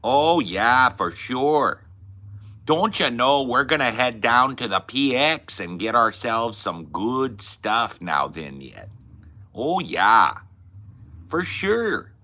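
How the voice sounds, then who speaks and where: A man's voice: mid-range voice, very animated, slow pace, bright, forceful tone, voice pushed up, full character voice. A man putting on a sing-song Upper Midwest American accent, playing a chirpy folksy local. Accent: Upper Midwest American (put on).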